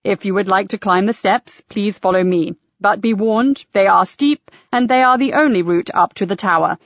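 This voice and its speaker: A woman's voice: medium pitch, moderate pace, no echo, lightly acted. A woman voicing a fussy, theatrical male church tour guide who announces things grandly. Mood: grand, courteous. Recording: dry, slightly dull audiobook recording.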